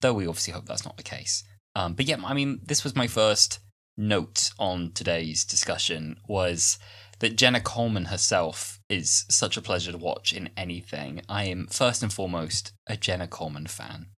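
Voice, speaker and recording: Low-voiced man in his twenties, chatty podcast co-host. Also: bright, forceful tone. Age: 20s. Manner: chatty, self-deprecating asides, quick bursts. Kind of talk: casual chat.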